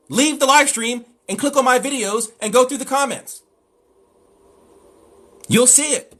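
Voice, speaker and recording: A man's voice: very high-pitched, bright, forceful tone. A man hosting a live stream, lecturing emphatically and with exasperation as he answers chat.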